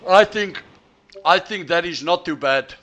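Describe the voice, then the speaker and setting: A man's voice: sits high, a bit bright, dull audio. A man streaming a sim race, chatting and teasing his friends over voice chat, often restarting his words. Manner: halting, repeats words as he restarts. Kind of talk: casual chat over voice chat while racing.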